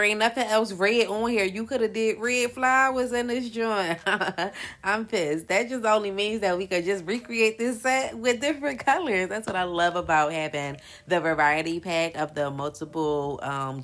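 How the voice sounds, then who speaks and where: A young woman with a low-pitched voice talks casually to her viewers as she makes press-on nails. Her speech is relaxed and colloquial, and she addresses the audience directly. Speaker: nail business vlogger. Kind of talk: casual chat to viewers while doing nails.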